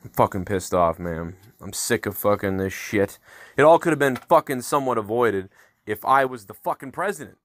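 A podcast host in his thirties delivering an angry, heavily profane solo rant, swearing constantly and working himself up into loud outbursts. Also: lowish voice, expressive, normal speed, no room sound.

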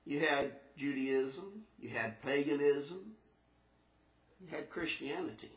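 A man preaching a sermon in a church, earnest and emphatic, slowing down to stress scripture and rising into questions. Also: on the high side, distant mic. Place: church sanctuary. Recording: echoey church recorded from afar.

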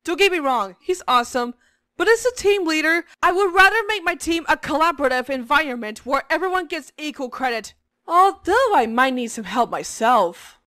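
A woman's voice: high voice, lively intonation, normal speed, bright, forceful tone, no room sound, clean studio sound. A woman in her twenties playing an upbeat, bossy young team leader on a cartoon survival show, peppy and commanding as she rallies her team. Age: 20s. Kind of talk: cartoon dub acting.

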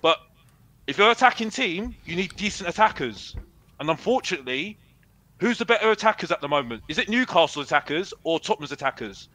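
A man's voice: on the high side, sing-song, brisk, pushed and bright, low-quality recording. A man, a football fan arguing heatedly on a fan show, brash and boastful, repeating himself. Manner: brash, boastful, repeats himself, calls himself Mister Box Office.

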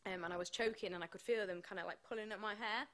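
A British woman speaks to a summit audience about a harrowing ordeal, her voice sitting at an ordinary middle pitch. She talks candidly with a wry edge, slipping in small laughs between the grim details. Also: steady tone, very fast, a bit bright. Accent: British English. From Britain. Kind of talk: personal testimony speech.

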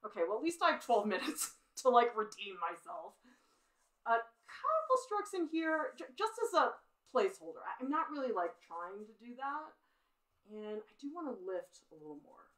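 A woman's voice: on the high side, big pitch swings, moderate pace, a bit bright, poor audio. A middle-aged woman teaches drawing in a live stream, talking as she works. Her voice swings widely up and down, and she keeps up a self-critical, chatty running commentary, laughing at her own slips. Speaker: art teacher.

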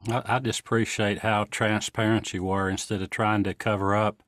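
A man hosting an interview, calmly affirming his guest and prompting the next story. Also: lowish voice, moderate pace, no echo, clean studio sound. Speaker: interview host. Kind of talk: interview questions.

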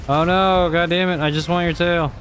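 A man's voice: high-pitched, fairly even intonation, normal speed, fairly bright tone, soft background music. A young man commenting on his own gameplay, exasperated and cursing often as he talks to himself. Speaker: gamer.

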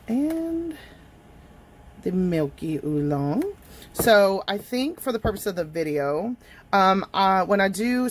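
A woman talks through a casual tea review vlog from her home desk. Her voice sits a little low, and she gushes and chats directly to the people watching. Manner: chatty and gushing, talks straight to viewers. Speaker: tea vlogger.

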